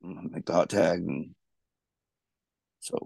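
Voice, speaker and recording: A low, gravelly man tells loose, rambling stories about his wrestling career. His tone is dark and mellow, and the sound is dry and close. He restarts his sentences often as he talks. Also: steady tone, slow, no room sound. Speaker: guest, former pro wrestler. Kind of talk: casual storytelling interview.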